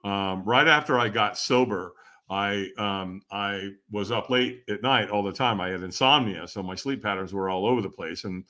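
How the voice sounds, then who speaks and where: Bright-voiced man telling stories. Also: fairly low pitch, moderate pace. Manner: animated storyteller, laughs often, acts out quoted dialogue. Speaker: podcast guest. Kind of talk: storytelling interview.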